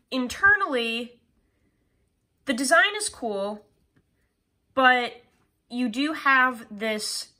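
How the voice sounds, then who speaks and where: This is a young woman hosting a casual gear review vlog, her voice a bit nasal from a lingering cold. She sounds bright and forward, chatty and upbeat as she explains the details of what she's showing. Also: on the high side. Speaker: knife reviewer.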